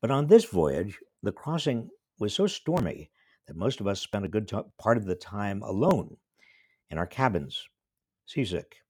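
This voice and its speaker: Older guy from upstate new york, deep raspy voice, wry reflective storytelling, dead dry room. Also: very animated, measured pace, darkish tone, no room sound. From small-town New York State. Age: 70s. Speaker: professor and commentator. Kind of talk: storytelling monologue.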